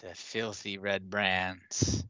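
A man's voice: sits low, level tone, sharp tone, clean tone, dry recording, muffled recording, pitched below the performer's own voice, exaggerated voice. A man voicing a timid, nervous male goblin who stammers through his lines. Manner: hesitant, stammering, with halting restarts. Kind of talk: tabletop role-play character voice.

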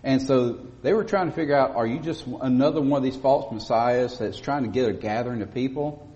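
A man preaching a sermon as pastor, speaking emphatically and rising to loud stresses on key words. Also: medium pitch, lively intonation, moderate pace. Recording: dull lo-fi audio with long church reverb.

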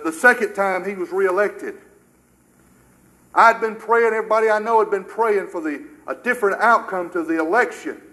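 A man's voice: high voice, sharp tone, rough recording. An older American man preaching a sermon with emphatic rhetorical questions, his delivery surging and dropping.

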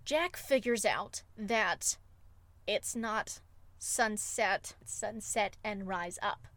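A woman's voice: mid-range voice, slow pace, a bit bright, no room sound. Enthusiastic woman podcast host. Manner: emotive, retells scenes with enthusiasm. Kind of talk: casual film discussion.

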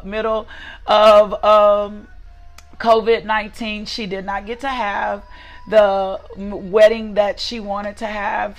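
A woman hosting a live prayer devotional, speaking emphatically with repeated praise and greeting viewers by name. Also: mid-range voice. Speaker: devotional host.

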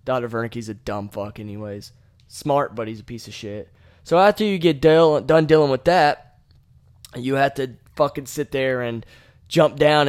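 A man's voice: mid-range voice, smooth. Guy podcasting about a game he played, cussing nonstop, slangy and rambly, normal mid voice. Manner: heavily profane, rambling, loose slang; acts out his own exclamations with sudden loud shouts. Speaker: podcast host. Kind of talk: casual video game story recap.

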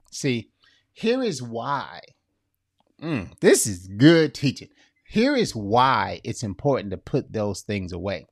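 A middle-aged man preaching a sermon in an animated way, often laughing at his own jokes. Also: mid-range voice, no echo, clean studio sound. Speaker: pastor.

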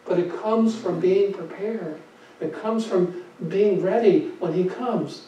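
A man's voice: high voice, takes it slowly. A male pastor preaching a sermon with emphasis, asking rhetorical questions and repeating his phrases. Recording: echoey, dull sound from a distant mic.

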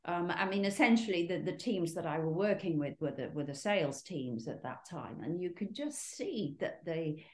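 A woman's voice: fairly low pitch, lively intonation, moderate pace, hardly any pauses, a little mellow. A woman speaking reflectively in a casual conversation. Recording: roomy echo.

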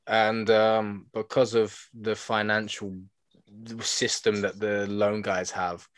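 A man's voice: fairly low pitch, completely flat delivery, slow, clear, resonant tone, no echo. A young man, chatting casually as a podcast co-host, full of "like" fillers and laughing often. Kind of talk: casual chat.

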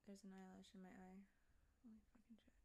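A woman's voice: medium pitch, level tone, a little fast, warm tone, slight background noise. A woman streamer chatting casually, rambling and sidetracked, swearing freely as she talks. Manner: rambling, profane, easily sidetracked.

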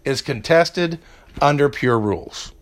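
A man's voice: mid-range voice, expressive, unhurried. A man hosting a casual wrestling preview podcast, rambling with fillers and turning to a heated rant. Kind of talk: casual chat.

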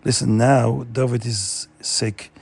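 A man's voice: medium pitch, steady tone, takes it slowly, creaky, a little mellow, husky, exaggerated voice. A man voicing a young male landowner's son who confides what happened, plain and confiding. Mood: concerned.

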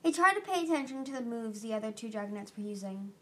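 A woman reading a fantasy novel aloud as an amateur audiobook, steady with small restarts. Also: on the high side, fast. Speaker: audiobook reader.

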